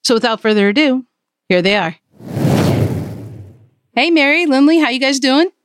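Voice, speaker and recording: A woman's voice: high voice, lively intonation, moderate pace, no room sound, studio quality. A woman hosting her podcast in upbeat, chatty conversation with guests. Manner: upbeat and chatty, laughs easily. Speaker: podcast host. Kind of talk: casual interview chat.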